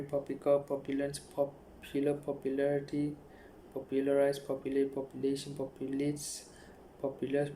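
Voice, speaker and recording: A man reading dictionary headwords aloud one after another in a rapid, monotone list. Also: mid-range voice, a little hiss or hum. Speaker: youtuber.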